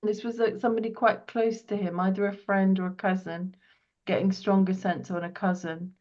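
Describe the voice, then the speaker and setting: A woman hosting a podcast, talking a client through an intuitive reading in a soft, earnest way that drops to a hush as she relays what she senses. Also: mid-range voice, flat delivery, moderate pace, dull audio. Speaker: podcast host and property healer.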